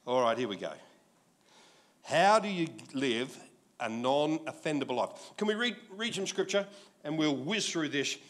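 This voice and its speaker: An Australian pastor in his sixties delivering a sermon full of jokes and acted-out asides. His voice runs higher than most men's and swoops widely from line to line, keeping the telling lively. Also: moderate pace. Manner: jokey, animated storytelling with acted asides.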